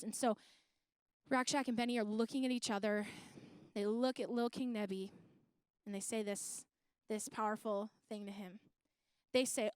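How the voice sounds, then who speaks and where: A woman's voice: fairly high pitch, normal speed, no room sound. A young woman giving a playful, slangy youth sermon, retelling a Bible story in casual terms. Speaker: youth speaker.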